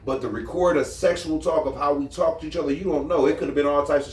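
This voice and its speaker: A man's voice: a little high, steady tone, fast talker. A man co-hosting a podcast, giving his blunt opinion at length in casual chat with streetwise slang. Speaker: podcast co-host. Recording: echoey room, mic at a distance.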